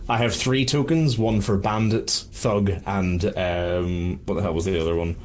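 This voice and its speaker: A man's voice: sits low, fairly even intonation, measured pace. A man narrating as game master for a tabletop game, rambling and self-deprecating.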